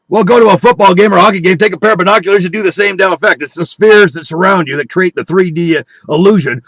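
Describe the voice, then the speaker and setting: Husky, profane man ranting angrily. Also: on the high side, a bit bright, dry recording. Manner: profane, combative, scornful, preaching to viewers. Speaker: online video speaker. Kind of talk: angry conspiracy rant.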